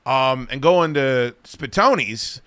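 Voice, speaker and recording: A man with a bright, forceful voice tells long, swearing-laced stories as a podcast host. He acts out the people in each anecdote, and his voice sits at an ordinary male pitch. The sound is close and dry, with no room around it. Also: expressive, slow, dry recording. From Virginia. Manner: profane, rambling anecdotes with acted-out quotes. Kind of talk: casual comedic storytelling. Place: podcast studio.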